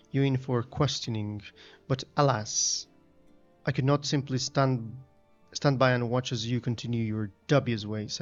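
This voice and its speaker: A man's voice: medium pitch, lightly acted. Pompous retired captain from a fantasy game, lofty and formal, dull lo-fi sound, read out by a man.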